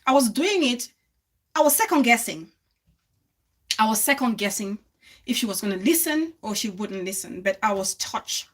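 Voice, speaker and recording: Speaking to her live stream audience, this woman host sounds animated, with a fairly high voice, normal speed, and long pauses. She addresses viewers earnestly and leans on repeated phrases for emphasis.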